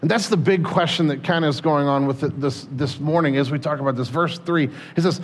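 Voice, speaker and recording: A male pastor preaching in a relaxed, conversational way, often restarting his sentences. His voice sits a little high for a man. He speaks plainly and jokes at his own expense. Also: brisk, few pauses. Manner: conversational, self-deprecating, frequent restarts. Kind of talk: sermon.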